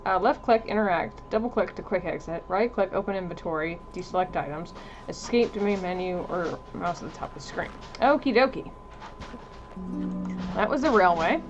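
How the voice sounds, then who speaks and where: A woman's voice: fairly low pitch, expressive, moderate pace, muffled recording, music in the background. A woman streamer giving casual let's-play commentary, chatting and reading on-screen text aloud. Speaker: video game streamer.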